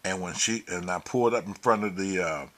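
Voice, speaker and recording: A man hosting a show, telling a story in a profane, animated way and acting out the quotes. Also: low voice, a little fast. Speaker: host. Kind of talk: casual storytelling.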